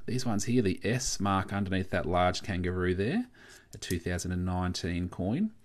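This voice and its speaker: A young Australian man with a somewhat low voice talks through a live stream in an easygoing, chatty way. He reads out viewer comments and answers them casually. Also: animated, normal speed. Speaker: coin collecting livestream host.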